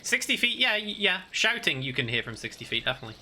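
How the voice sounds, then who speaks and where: A man's voice: high-pitched, sing-song, fast, sharp tone, slight background noise. A man narrating a tabletop game as game master, rambling with lots of fillers. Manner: rambling, filler-heavy, laughs easily.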